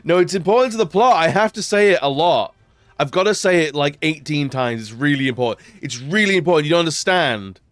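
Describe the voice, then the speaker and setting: Guy doing a whiny, insistent director, raised pitch, smooth voice, dry close sound. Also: animated, brisk, a bit bright, no echo. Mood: mock-insistent. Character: mocking take on a male film director, insistent. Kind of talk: casual impression on a live stream.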